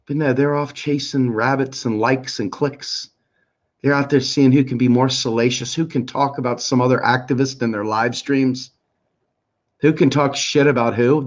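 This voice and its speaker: Man, middle-aged, activist, angry profane rant, mid pitch, muffled lo-fi sound. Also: normal speed. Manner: angry, profane, pleading questions, swings between raised and low voice. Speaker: political activist commentator. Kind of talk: impassioned monologue rant. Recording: muffled lo-fi recording.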